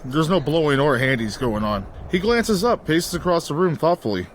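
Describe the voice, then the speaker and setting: A man's voice: on the high side, big pitch swings, normal speed, noisy background. A man reading stage directions aloud in a comedic script read-through, adding crude asides.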